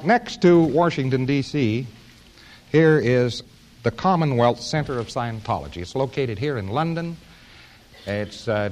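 A man's voice: medium pitch, a little mellow. An American man giving an informal lecture to an audience, with a wry, joking, rambling delivery.

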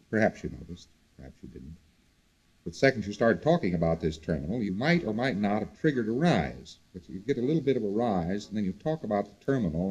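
A man's voice: fairly low pitch, slightly rough, dull audio. A man giving a recorded lecture to students, talking in a loose conversational way and repeating words for emphasis. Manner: conversational, repetitive, animated emphasis.

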